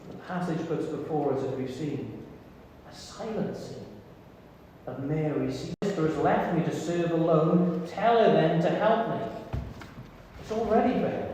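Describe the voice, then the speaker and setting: A man preaches a sermon in an earnest, intimate way, with soft pauses. His voice sits fairly high and sounds mellow. He is picked up from a distance, with a long hall reverb and faint noise behind him. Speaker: pastor. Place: church hall.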